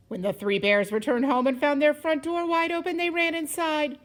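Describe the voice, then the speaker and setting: In a rough recording, a teacher with a slightly high voice reads a children's story in a lively, sing-song style, now and then sinking to a whisper. She goes a little slowly but hardly pauses.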